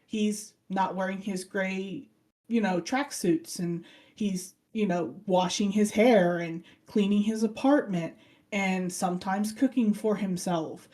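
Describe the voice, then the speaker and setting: A woman with a mid-range voice speaks slowly as she co-hosts a casual podcast. She retells an anime plot with energy, acting out the characters' lines as an animated storyteller.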